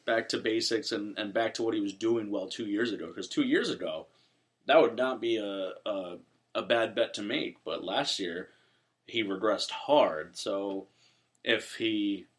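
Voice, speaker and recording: A man's voice: on the low side, measured pace. A man who works as a voice actor, laughing often and talking sports on a podcast. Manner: laughs often, rambling with restarts. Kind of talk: casual sports podcast chat.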